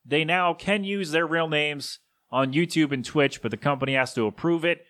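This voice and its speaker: A man hosting a solo podcast, talking casually and with strong opinions, often correcting himself and sometimes slipping into a gruff put-on voice for quick impressions. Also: a little high, fairly bright tone. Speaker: podcast host. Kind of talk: solo rambling podcast talk.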